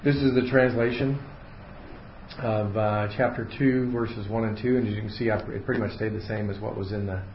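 Man, lowish voice, casual Bible study teacher, fillers and restarts; roomy, slightly muffled room recording. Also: brisk, slight background noise. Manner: relaxed, unscripted explaining with many fillers and restarts. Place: small room with a group.

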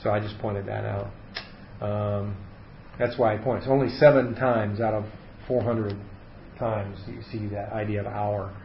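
A man's voice: on the low side, flat delivery, measured pace, vocal fry. Man teaching a Bible study in an echoey room. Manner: explanatory, thinks aloud with fillers and restarts. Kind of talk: casual Bible study lesson. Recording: echoey room, dull sound, faint hiss.

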